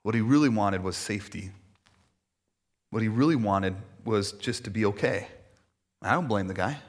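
A man's voice: lowish voice, normal speed. A male pastor preaching a sermon in a conversational, self-deprecating way, with many fillers.

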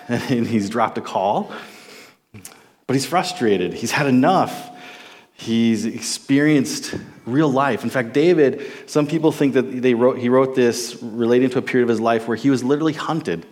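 Teaching on a psalm, this Minnesotan Bible teacher in his forties speaks with a medium pitch and a darkish tone. He's enthusiastic and conversational, preaching casually and restarting often.

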